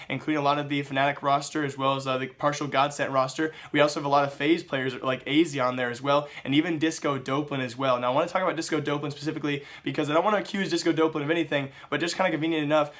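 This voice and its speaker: A man hosting an esports news show, talking through the stories in a quick scripted roundup with a sick voice. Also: a little high. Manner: rapid, flat delivery.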